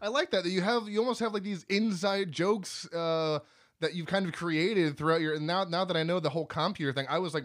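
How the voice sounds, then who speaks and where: A man's voice: fairly high pitch, steady tone, quick pace, fairly bright tone. A man hosting an interview, asking questions with lots of enthusiasm, filler words and laughter. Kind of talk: casual interview talk.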